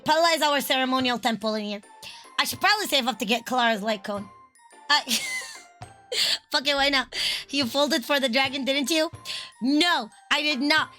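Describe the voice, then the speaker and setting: A woman streamer chatting casually over gameplay, excitable and profane, laughing often. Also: high-pitched. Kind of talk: casual gaming stream chat.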